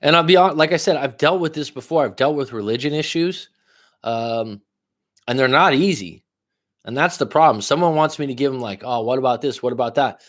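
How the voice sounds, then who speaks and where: A man's voice: a little high, expressive, normal speed, fairly bright tone. A man giving live coaching advice in a blunt, profane way, pushing the listener with repeated questions. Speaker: life coach.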